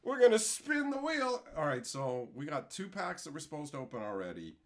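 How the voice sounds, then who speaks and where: A man live-streaming a card pack opening, reading chat and going off on loud, profane, mock-angry rants. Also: a little high, sing-song, brisk.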